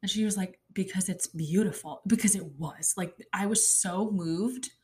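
A woman's voice: medium pitch, moderate pace, breathy edge. A young woman hosting a podcast, telling a story in casual chat with a lot of fillers and plenty of feeling. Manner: chatty, lots of fillers, emotional storytelling. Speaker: podcast host.

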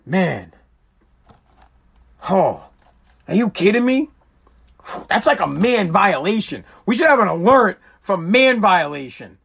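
A man's voice: sits high, big pitch swings, takes it slowly, vocal fry, long pauses, a bit bright, breathy edge. A man hosting a casual live-stream talk show, rambling and joking with frequent swearing. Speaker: show host.

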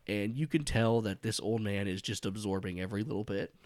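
A man's voice: lowish voice, a little fast, darkish tone, dry recording. A man running a tabletop horror game as game master, narrating casually with lots of fillers and frequent laughs. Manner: rambling, laughs often, many fillers.

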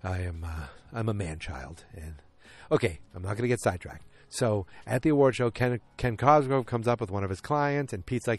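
A man's voice: fairly low pitch, normal speed, few pauses, no room sound. Rambling man recapping a TV episode. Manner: rambling, self-interrupting storyteller.

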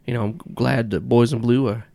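A man's voice: medium pitch, fairly even intonation, brisk, creaky, mellow, dry recording, close to an everyday voice. A man doing a glib, breezy con man on the phone. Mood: smooth, persuasive. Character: smooth-talking male con man on the phone.

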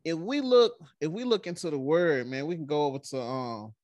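A man hosting a casual faith podcast, leading a prayer and reading scripture with animated, preacherly emphasis, filling his sentences with "man". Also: on the high side, moderate pace, dry recording. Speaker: podcast host.

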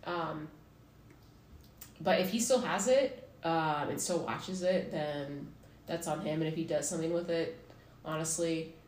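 A woman's voice: low voice, unhurried, pauses often, a little mellow. A woman hosting a podcast in casual chat, laughing often and swearing freely. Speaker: podcast host. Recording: roomy echo with faint noise.

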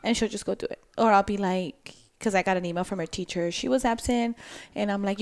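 A woman's voice: mid-range voice, a little fast, few pauses, darkish tone. A woman in her thirties from the United States, a mother chatting casually on a podcast about her kids, laughing easily and quoting them as she retells scenes. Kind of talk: casual chat.

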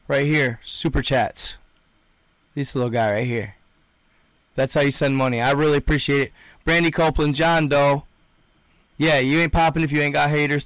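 A man's voice: on the high side, fairly bright tone, dry recording. A young man hosting a livestream, chatting and reading out comments in an emphatic, slangy way, repeating himself often. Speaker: livestream host.

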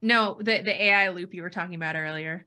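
A woman joining a podcast chat with quick, teasing interjections. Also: lowish voice, bright, forceful tone. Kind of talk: casual chat.

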